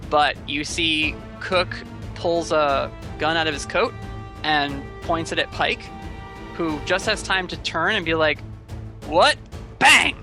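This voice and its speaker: A man running a tabletop game as game master, narrating scenes in steady detail. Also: fairly high pitch, poor audio. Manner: steady, descriptive storytelling. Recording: music playing clearly behind.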